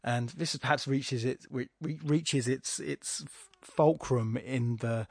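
A man's voice: medium pitch, gravelly, no echo. Man dissecting a poem in a dry close voice. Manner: thinks aloud with fillers and restarts, slows down to read lines aloud deliberately. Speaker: teacher and podcast host. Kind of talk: informal poetry analysis podcast.

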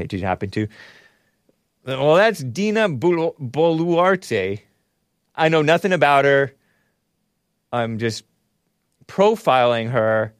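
A man's voice: medium pitch, dry recording, clean studio sound. A man hosting a talk show, delivering a sarcastic, rambling monologue full of mocking asides, spelling out names and stumbling over pronunciations. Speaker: host.

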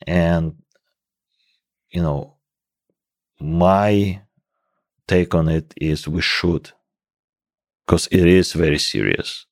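Slow, low-voiced Russian-accented man. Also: dry recording, studio quality. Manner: hesitant, many fillers and restarts. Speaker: guest scientist. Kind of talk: casual interview conversation.

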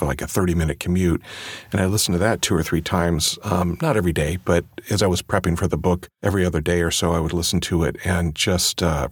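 A man's voice: low-pitched, breathy edge, no room sound, clean studio sound. A man who narrates audiobooks, talking casually and chattily on his own podcast. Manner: relaxed and chatty, with fillers.

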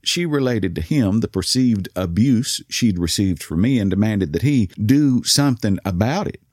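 A man with an East Texas accent telling a story in a soft voice whose words slur, courtly and wry. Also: lowish voice, lively intonation, moderate pace, no room sound, clean studio sound. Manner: courtly, old-fashioned and wry. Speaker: podcast host. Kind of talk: storytelling monologue.

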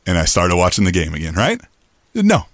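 A middle-aged man with a booming voice, co-hosting a podcast and telling a story in casual chat, acting out quoted lines in a raised pitch. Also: expressive, fast, a bit bright, no echo, studio quality. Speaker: podcast co-host.

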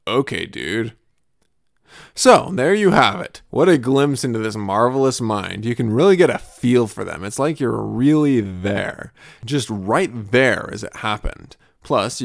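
Gravelly deadpan comic man. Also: medium pitch, dry recording. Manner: dry, absurd deadpan delivery. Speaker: podcast host.

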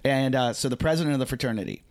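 Comic guest, man, mid-pitched, lively storyteller who slips into voices. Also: very fast. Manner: animated, acts out quoted voices, swears freely. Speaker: podcast guest, comedian. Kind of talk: casual storytelling.

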